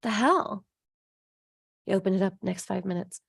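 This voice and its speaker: A woman's voice: mid-range voice, moderate pace, vocal fry, breathy edge, dry recording, clean studio sound. A woman hosting a live stream, chatting with viewers as she answers their comments, laughing often and acting out voices in her stories. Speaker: host of a live stream, abundance coach.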